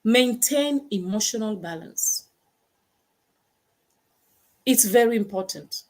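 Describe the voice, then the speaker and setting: A woman's voice: mid-range voice, expressive, slow. Woman hosting a pep talk, emphatic, keeps repeating words to hammer it home. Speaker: host. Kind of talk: motivational talk.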